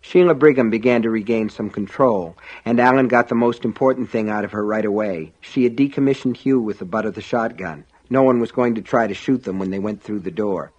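A man narrating a novel in an even, measured reading. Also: fairly low pitch. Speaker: audiobook narrator. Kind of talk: scripted audiobook narration. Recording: dull lo-fi audio.

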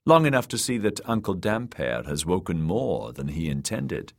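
A man's voice: deep voice, sing-song, normal speed, creaky, heavily acted. A man reading an audiobook, voicing a confident young woman warrior who teases her uncle. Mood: teasing. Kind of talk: audiobook character voice.

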